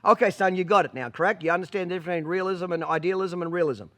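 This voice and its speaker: Brief: a man playing a dry, no-nonsense dad, a touch high, matter-of-fact. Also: very fast, a bit bright, slight background noise. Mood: deadpan. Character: blunt no-nonsense middle-aged father.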